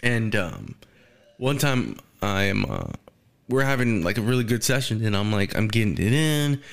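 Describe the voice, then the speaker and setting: A man's voice: lowish voice, sing-song, normal speed, gravelly. A young man telling a rambling, crude story in casual podcast chat, swearing and laughing often. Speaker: storyteller guest.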